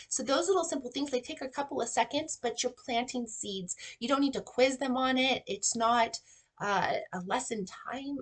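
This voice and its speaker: A woman in her forties, a kindergarten teacher, giving parents practical reading tips in an animated, modeling way. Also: a little high. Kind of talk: instructional talk to parents.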